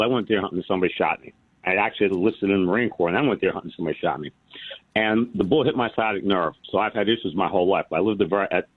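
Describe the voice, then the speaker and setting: A man's voice: on the low side, dry recording. A man in his sixties calling in to a radio talk show, telling a long, rambling story with many restarts. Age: 60s. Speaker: caller. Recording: phone line.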